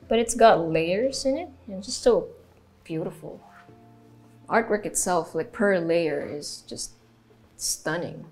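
Giggly Filipino woman touring a house. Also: lowish voice. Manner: chatty, giggly, mixes in Tagalog. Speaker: real estate tour host. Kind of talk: guided house tour. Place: indoors in a large house.

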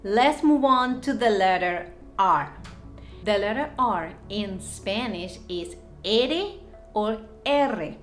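A young woman giving a language lesson, saying each word twice with clear, careful enunciation before its English meaning. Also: mid-range voice, lively intonation, slow pace, faint music behind. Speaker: Spanish teacher.

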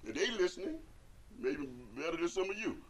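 A man's voice: sits high, big pitch swings, a little fast. A man giving a Friday sermon as imam, repeating lines emphatically and asking rhetorical questions. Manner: swings between hushed and loud, rising to forceful.

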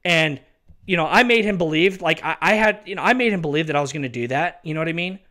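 A man's voice: a little high, fast talker, bright, forceful tone. A man talking casually and with agitation, repeating himself and venting about someone he used to work with. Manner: agitated, emphatic, repeats himself, insults and addresses an absent person directly. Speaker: former ministry worker telling his story. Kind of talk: casual ranting monologue.

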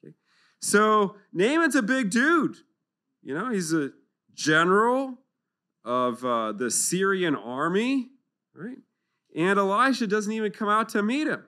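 A man speaks to a retreat audience about scripture, bright and forceful in tone and sitting a little above the usual male pitch. He keeps it animated and funny, slipping into playful voices for the figures he describes. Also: measured pace. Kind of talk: lively retreat talk on scripture. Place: conference hall.

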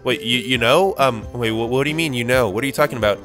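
A young man hosting an improvised game roleplay, talking excitedly with stammers and sudden yelps. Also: mid-range voice, quick pace, faint music behind. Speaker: roleplay host.

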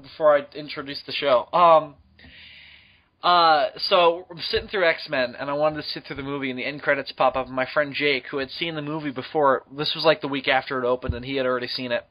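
A man's voice: on the high side, steady tone, a little fast. Giggly young man on a lo-fi podcast. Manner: giggly, swearing storyteller. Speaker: podcast co-host. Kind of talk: casual podcast chat. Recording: dull lo-fi podcast recording.

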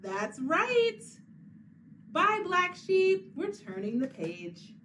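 A woman's voice: high voice, very animated, takes it slowly, pauses often. A woman librarian reading a picture book aloud to young children in a sing-song, encouraging voice, making animal sounds and speaking to unseen listeners. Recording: distant mic with faint background noise.

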